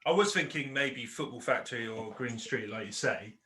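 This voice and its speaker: A man co-hosts a casual podcast chat about football films, his mid-range voice husky, sharp-toned, and expressive at a normal speed. He's chatty, laughs often, and trails off with fillers.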